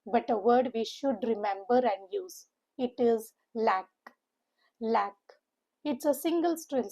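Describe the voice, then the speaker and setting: Slow, deliberate woman teaching vocabulary. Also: on the high side, a little mellow, poor audio. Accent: Indian English. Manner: slow, deliberate, spells out sounds and syllables. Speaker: English teacher. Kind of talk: vocabulary lesson.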